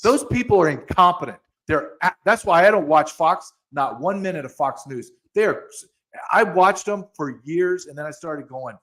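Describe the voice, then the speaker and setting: A man's voice: a little high, expressive, normal speed, fairly bright tone. A man hosting a podcast, ranting angrily in heated commentary, with frequent restarts and repeated words. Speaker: podcast host.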